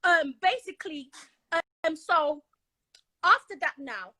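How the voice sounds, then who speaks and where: A woman tells a long personal story, excitable and dramatic, slipping into the voices of the people in it. Her voice sits very high and sounds bright and forceful. The sound is dry and close. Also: takes it slowly, no room sound, rough recording. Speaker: caller telling her story. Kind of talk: animated storytelling on a live stream.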